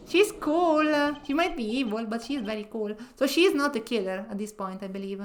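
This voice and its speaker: Woman streamer, lively game commentary, high pitch, gushing reactions. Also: moderate pace, hardly any pauses.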